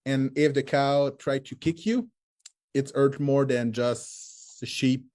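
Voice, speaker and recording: French Canadian man in halting English. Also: medium pitch, darkish tone. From Quebec, Canada. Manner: halting non-native English with restarts. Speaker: guest, forage lecturer. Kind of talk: casual interview.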